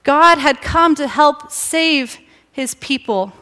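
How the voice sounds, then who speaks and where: A woman pastor preaching a sermon, telling a Bible story with emphatic pauses and rhetorical questions. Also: high-pitched, animated, bright, forceful tone.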